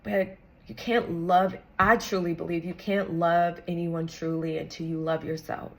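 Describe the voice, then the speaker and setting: Earnest woman vlogger, slightly low voice. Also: level tone, measured pace. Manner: earnest and encouraging, casual slang. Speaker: vlogger sharing a personal story. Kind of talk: heartfelt talk to camera.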